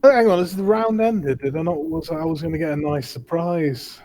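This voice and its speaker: A man playing a tabletop game, reacting loudly to rolls and swearing when they go badly. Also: on the high side, brisk, crowd noise. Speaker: player. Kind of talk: casual tabletop game chat.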